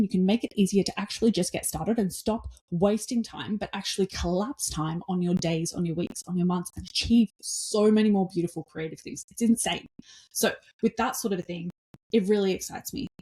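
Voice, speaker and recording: An energetic woman hosts her own podcast, talking straight to her listeners with a mellow, warm tone. She is blunt and swears freely, and acts out little back-and-forth dialogues in her own voice. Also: medium pitch, fairly quick. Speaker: podcast host. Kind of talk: casual motivational talk.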